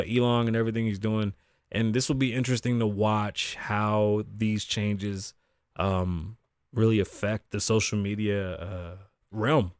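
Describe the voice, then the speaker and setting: A man's voice: mid-range voice, clean tone, no room sound, studio quality. A man in his thirties hosting a podcast, talking casually in a rambling, profane way and laughing often. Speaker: podcast host. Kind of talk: casual chat. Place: home studio desk.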